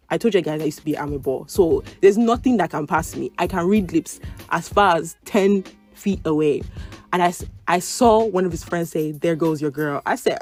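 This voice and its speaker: A young woman hosts a podcast and tells stories casually, her voice sitting a bit low for a woman. She acts out what people said with sudden leaps in pitch. Faint music plays under her talk. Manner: animated, acts out quotes with sudden pitch jumps. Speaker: podcast host. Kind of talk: casual storytelling.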